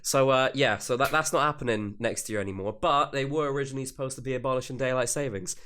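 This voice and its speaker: A man's voice: medium pitch, fast, bright, forceful tone, clean tone. Tired, laid-back young man on a podcast. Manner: laid-back, chatty, explains at length. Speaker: podcast co-host. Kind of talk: casual chat.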